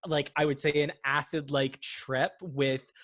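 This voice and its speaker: A man who is a guest author in a casual interview chat, telling his stories in an animated way and laughing his way through them. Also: medium pitch, a little slow, dry recording.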